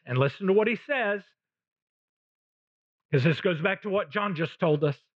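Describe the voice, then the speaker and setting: A man preaching a sermon as a pastor, slow and emphatic, pausing between short phrases. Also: high-pitched, lively intonation, slightly rough, dry recording, dull audio.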